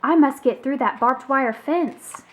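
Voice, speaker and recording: A woman's voice: high voice, measured pace, slight background noise. A woman voicing a cartoon dog who imagines himself a heroic war pilot, with dramatic exclamations, in a children's storybook read-aloud.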